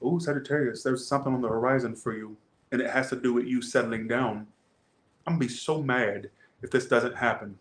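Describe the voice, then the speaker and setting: A man with a Southern US accent giving a casual tarot reading, animated, blunt and joking. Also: mid-range voice, a little fast, reverberant. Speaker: tarot reader.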